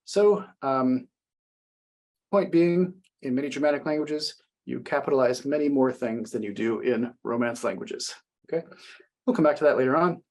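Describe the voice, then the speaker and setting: Brief: young man, French teacher, husky voice, patient and explanatory, sounds out phrases slowly. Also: medium pitch. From United States. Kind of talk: classroom language lesson.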